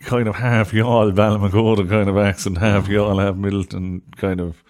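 A man's voice: lowish voice, level tone, normal speed, a little mellow. A man with an East Cork Irish accent, co-hosting a podcast, talking emphatically with heavy swearing. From Ireland. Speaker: podcast co-host. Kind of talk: casual chat.

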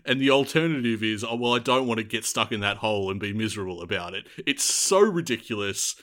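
A man's voice: lowish voice, quick pace. An Australian man co-hosting a casual sports podcast, joking and laughing often as he talks. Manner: jokey, laughs often, animated. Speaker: podcast co-host.

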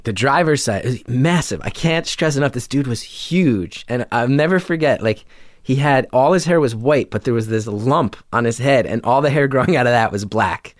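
A comedian from New Jersey telling a story in casual conversation, animated and full of filler words. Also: male voice, mid-range voice, moderate pace, no echo, clean studio sound. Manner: animated, acts out quotes, many filler "like"s. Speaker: comedian guest.

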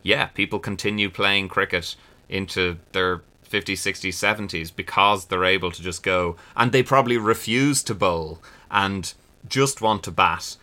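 A man hosts a podcast in relaxed, chatty talk and keeps quizzing his co-hosts. His voice is lowish, with a bright, forceful tone. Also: moderate pace. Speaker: podcast host. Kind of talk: casual chat.

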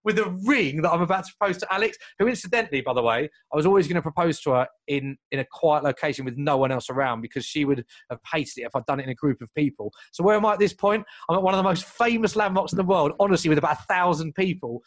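A young man telling a long story in casual chat, lively and full of asides and restarts. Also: on the high side, no echo. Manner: animated, fast, piles up asides and restarts.

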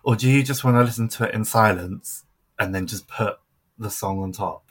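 A young man co-hosting a podcast in casual chat, laughing often and trailing off quietly. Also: fairly low pitch, normal speed, a little hiss or hum. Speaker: podcast co-host.

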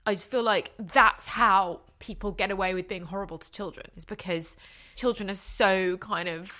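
A woman's voice: mid-range voice, steady tone, normal speed, bright, forceful tone. A middle-aged woman co-hosting a podcast, talking earnestly in casual chat and trailing off into restarts. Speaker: podcast co-host.

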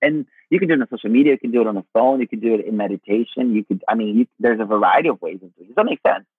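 Expressive man on a tinny line. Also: on the low side, racing, breathy edge, no room sound. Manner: expressive, swears casually, calls people honey. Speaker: spiritual teacher guest. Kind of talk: casual spiritual advice chat. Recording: tinny phone-like line, dry.

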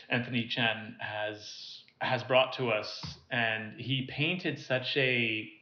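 A man from Singapore giving his thoughts on a podcast, unhurried and earnest as he picks his words. His mid-range voice echoes in a roomy space with a dull, lo-fi quality. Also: medium pitch. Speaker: podcast co-host. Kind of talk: casual podcast chat.

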